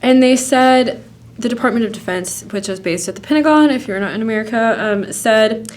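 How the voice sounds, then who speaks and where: A woman's voice: a little high, brisk. A woman co-hosting a podcast in casual chat, with dry, sarcastic banter. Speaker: podcast co-host.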